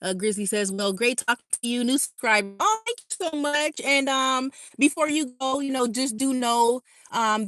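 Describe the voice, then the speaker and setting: A woman's voice: fairly high pitch, fairly bright tone, no room sound, studio quality. A woman hosting a casual livestream, reading out viewer comments in a bubbly, chatty way and laughing often. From California. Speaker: livestream host.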